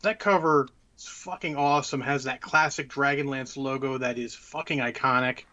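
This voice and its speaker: A man's voice: mid-range voice, steady tone, normal speed, sharp tone, lo-fi sound. A man co-hosting a casual podcast chat, blunt and full of profane rants. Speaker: podcast co-host.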